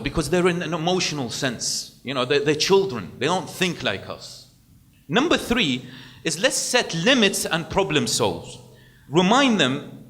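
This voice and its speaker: A male preacher delivering a sermon in a lively, animated way. His voice sits somewhat high for a man and swings widely in pitch as he acts out short scenes of parents talking to children. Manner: animated lecturing, acting out parent quotes.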